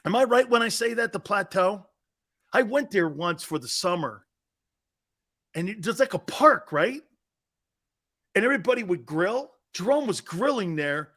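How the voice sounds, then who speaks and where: A middle-aged man hosting a sports talk show, telling stories loudly, laughing often and acting out what his friends and family said. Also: sits high, normal speed, long pauses. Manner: loud, laughing, excitable, acts out quotes from friends and family. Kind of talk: animated storytelling on a sports show.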